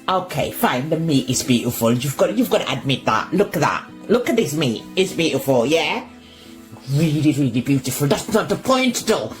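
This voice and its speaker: A woman rants into her phone about what things cost now, exasperated, forever exclaiming, her voice always near tears. Her pitch swoops up and down wildly and never settles. Faint music plays underneath. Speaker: shopper. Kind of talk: ranting social media vlog.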